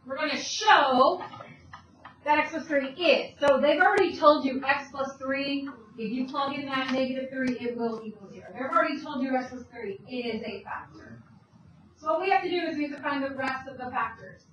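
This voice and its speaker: Woman math teacher, high pitch, questioning students, echoey classroom, distant mic, faint background hum. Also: a bit bright, dull audio. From Italian heritage. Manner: brisk, talks students through steps with questions. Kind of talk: classroom lecture.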